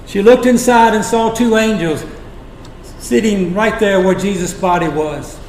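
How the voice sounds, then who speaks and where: A man preaching a sermon, retelling scripture as dramatic storytelling with long pauses. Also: sits high, a little mellow, a little hiss or hum. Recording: echoey room.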